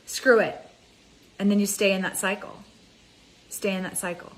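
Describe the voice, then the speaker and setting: A woman life coach giving an energetic, conversational motivational talk, speaking straight to her viewers. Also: mid-range voice, fairly quick, poor audio. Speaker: mind ascension coach.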